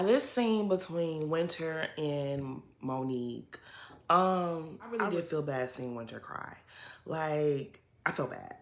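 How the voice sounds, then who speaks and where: A woman's voice: deep voice, a bit bright, reverberant. A woman giving blunt, sassy commentary on a reality show in a casual recap.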